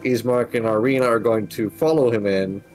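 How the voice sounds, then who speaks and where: A man's voice: medium pitch, normal speed, darkish tone, slight background noise, poor audio. A man narrating and describing scenes as game master of a tabletop game.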